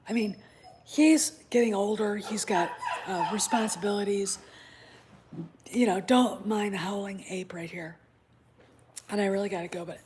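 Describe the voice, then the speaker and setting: At home with a puppy nearby, a woman hosts her casual vlog, talking bluntly with profanity and conspiratorial asides. Her voice is medium in pitch and a little mellow, with a faint hiss or hum on the recording.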